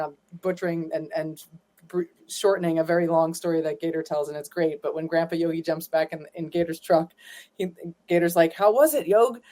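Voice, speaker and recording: A woman's voice: on the low side, dark tone. Woman guest telling laughing family anecdotes. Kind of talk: casual interview storytelling.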